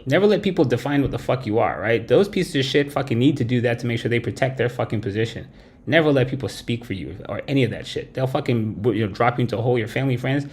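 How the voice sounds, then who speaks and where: A man's voice: medium pitch, expressive, fast talker, a little mellow. Blunt, foul-mouthed male stream host. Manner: blunt, heavy swearing, tags lines with "right?". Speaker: livestream host. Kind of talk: profane late-night stream rant.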